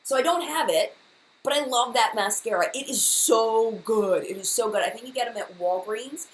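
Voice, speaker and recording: A woman's voice: a little high, expressive, fairly quick, poor audio. A woman hosting a casual live-stream makeup chat, gushing and enthusiastic, often repeating herself. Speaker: beauty vlogger, live chat host.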